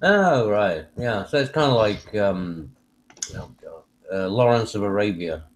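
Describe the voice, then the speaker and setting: Lively joking man in casual chat. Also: on the low side, unhurried. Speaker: podcast co-host.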